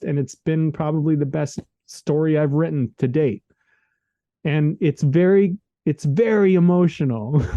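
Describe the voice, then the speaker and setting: A man's voice: fairly high pitch, dark tone, no room sound, lo-fi sound. A man co-hosting a podcast, talking in an earnest, rambling, casual way, full of "like" and "man", recorded remotely. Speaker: podcast co-host. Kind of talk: casual reflective conversation. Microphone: remote call microphone.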